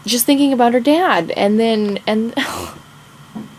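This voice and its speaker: A woman's voice: on the high side, unhurried, slight background noise, poor audio. A young woman author chatting casually in a vlog, gushing and laughing often as she talks about and reads her own draft. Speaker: author vlogger.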